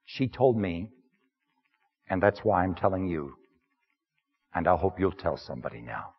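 A man's voice: low voice, lively intonation, unhurried, slightly rough, highs cut off, voice pushed down, heavily acted. A preacher playing a humble, wry working man. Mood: earnest. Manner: self-deprecating, confiding, plainspoken.

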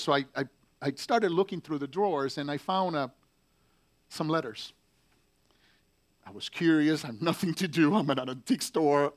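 A man's voice: a little high, a bit bright. A man telling a story in a casual, chatty way, full of fillers and wry asides.

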